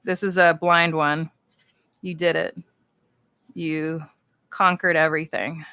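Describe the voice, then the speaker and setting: A voice actress rambles through a livestream card-signing, chatting playfully and upbeat while she writes. Her voice is low, slow and flat in delivery, yet pushed and bright, smooth, with no room sound.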